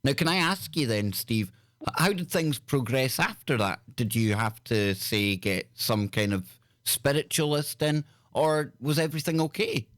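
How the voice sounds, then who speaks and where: A man's voice: medium pitch, expressive, unhurried, a bit bright, no room sound, studio quality. A Scottish man hosting a call-in radio show, chatting with callers in a chummy way, calling them brother and dude. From Scotland. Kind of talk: casual call-in radio chat.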